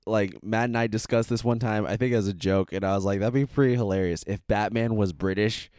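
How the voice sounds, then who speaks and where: A man's voice: fairly low pitch, steady tone, brisk, a little mellow, no room sound, studio quality. A man co-hosting a podcast, rambling through stories and laughing often. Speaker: podcast co-host. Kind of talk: casual chat.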